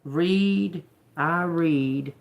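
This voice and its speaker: A woman on a casual livestream, slowly reading out and repeating words one by one. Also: lowish voice, creaky. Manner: slow, drawn-out, repeats words as she reads them. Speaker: tarot reader on a livestream.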